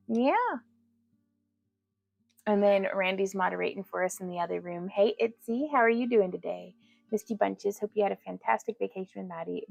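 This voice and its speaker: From her home craft room, a woman runs a relaxed jewelry-making livestream, talking with viewers, laughing a lot, and cooing to her cat. Her voice is mid-range and creaky, and the recording sounds dry.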